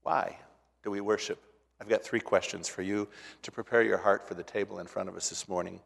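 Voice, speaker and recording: A male pastor preaching a sermon to a congregation, moving between hushed, quiet phrases and loud, emphatic ones, often repeating words. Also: fairly low pitch, steady tone, brisk, gravelly, slightly rough. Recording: long reverb of a large hall.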